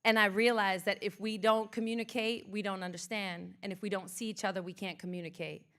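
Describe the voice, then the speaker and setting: Woman giving a live motivational talk. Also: medium pitch. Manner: slow, emphatic poetic delivery, then lively and playful with the crowd. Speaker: motivational speaker. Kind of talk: spoken word poem and audience-participation talk. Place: museum event space before a live audience.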